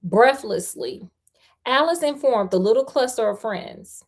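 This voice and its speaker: Woman storyteller reading aloud, high voice, unhurried, playful asides. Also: expressive. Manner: chatty, with playful slangy asides.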